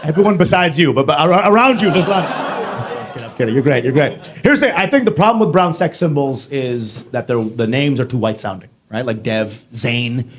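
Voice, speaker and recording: A man's voice: mid-range voice, lively intonation, fairly quick, background noise. A man performing a brash, profane stand-up set on a club stage, mimicking accents and voices. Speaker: stand-up comedian. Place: comedy club stage before a live audience.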